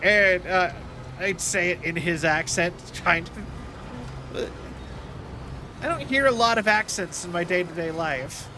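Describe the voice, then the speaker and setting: A man's voice: high voice, takes it slowly, long pauses, noisy background. A young man from the United States chatting casually while streaming a game, rambling with lots of fillers and self-deprecating asides.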